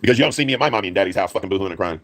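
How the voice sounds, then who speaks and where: A man tearing through a furious, profane rant at breakneck speed. He curses constantly, circles back to the same complaints, and never slows down. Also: deep voice, lively intonation, a bit bright. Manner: profane, heated, repetitive. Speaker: live streamer. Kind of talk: angry rant.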